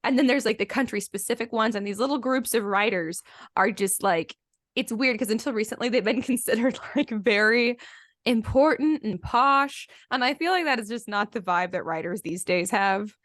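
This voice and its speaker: A woman's voice: on the high side, normal speed, fairly bright tone, no echo, clean studio sound. A woman co-hosting a casual book-club podcast. She rambles with lots of "like" fillers and laughs often. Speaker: podcast co-host.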